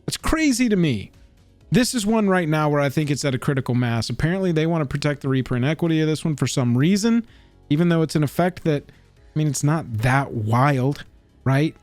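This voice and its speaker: A man co-hosting a casual chat about card prices, animated and joking in his asides. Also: fairly high pitch, no room sound. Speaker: co-host.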